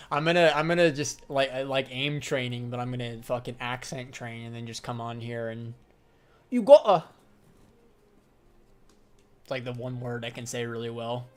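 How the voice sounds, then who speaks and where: A man's voice: medium pitch, flat delivery, normal speed, fairly bright tone. A young adult man chatting casually on a livestream about trading and answering viewers. His talk is loose, slangy and profane, and he laughs often. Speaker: livestreamer and crypto trader.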